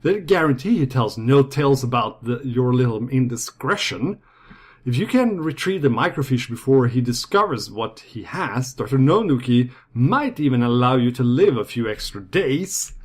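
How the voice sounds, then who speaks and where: A man voicing a dorky male secret agent who talks loudly and threatens. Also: mid-range voice, expressive, moderate pace, husky. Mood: threatening.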